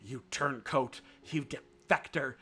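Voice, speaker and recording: A man's voice: medium pitch, slow, pushed and bright, breathy edge, exaggerated voice. A man voicing an old, badly wounded fox who pleads and hisses with contempt in a storybook reading. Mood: bitter contempt. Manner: pleading, then hissing with contempt. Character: old wounded male fox, desperate then bitter.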